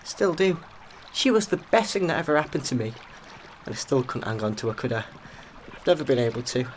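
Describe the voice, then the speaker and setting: A man's voice: very animated, fairly quick, slight background noise, natural voice, low-quality recording. A man playing a drugged, heartbroken young Englishman. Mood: grieving. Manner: emotional, voice swinging high and low, breaking into sobs. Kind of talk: audio drama acting.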